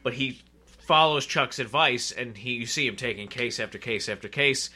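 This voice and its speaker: A man co-hosting a casual podcast chat, recapping a TV episode in a rambling, animated way full of fillers and restarts. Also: mid-range voice, moderate pace. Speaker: podcast co-host.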